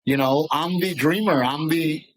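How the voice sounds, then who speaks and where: A man with a voice pitched a touch above the usual, telling stories as a guest on a podcast. He talks with passion and keeps on going in restless, animated runs. It is casual, chatty interview talk. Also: measured pace, low-quality recording. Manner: passionate, rambling, animated storyteller. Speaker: comedian guest.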